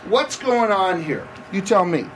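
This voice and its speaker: Guy giving a casual sermon, high voice, kinda far from the mic, faint hiss. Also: very animated, measured pace. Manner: conversational, asks the audience questions. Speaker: campus pastor. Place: room with seated audience.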